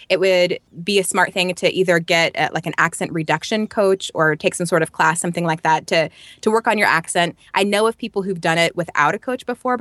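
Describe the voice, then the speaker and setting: A woman's voice: lowish voice, dry recording. A woman with a Midwestern accent, a voice-over artist and teacher, explaining her work in a casual interview. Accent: Midwestern American. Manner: relaxed, explanatory, chatty.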